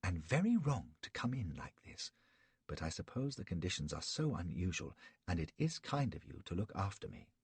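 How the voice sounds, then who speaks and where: A man voicing a prim young woman who is easily scandalised, speaking in a shrill falsetto. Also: very animated, normal speed, breathy edge, no room sound, full character voice. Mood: coy. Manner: shrill falsetto, indignant whispering.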